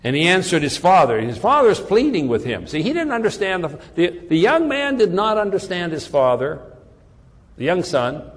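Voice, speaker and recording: A man's voice: high voice, in a large hall. A man preaching a sermon in an earnest way, often repeating words as he searches for the phrasing.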